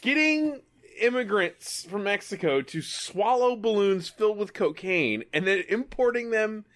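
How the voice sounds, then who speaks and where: A man's voice: high-pitched, expressive, measured pace, a bit bright. A man co-hosting a casual movie-review podcast, joking and laughing often. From Italian family background. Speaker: podcast co-host.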